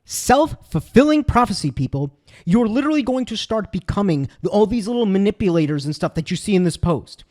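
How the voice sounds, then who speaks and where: Young man, high-pitched voice, sarcastic, ranting, casual commentary. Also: big pitch swings, a little fast, darkish tone. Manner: sarcastic, ranting, mimics others in quotes. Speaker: commentary video host.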